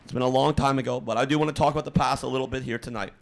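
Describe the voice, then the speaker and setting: A man hosting a livestream, giving a halting mock apology with many fillers and restarts in a deadpan, fake-emotional tone. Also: mid-range voice, creaky. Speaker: streamer host.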